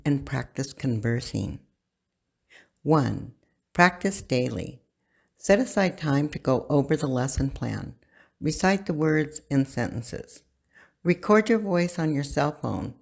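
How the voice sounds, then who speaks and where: Teacher for a recorded language lesson: unhurried, careful, leaves room for learners to repeat each word. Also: mid-range voice, creaky, a little mellow. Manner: slow, deliberate, pausing for learners to repeat.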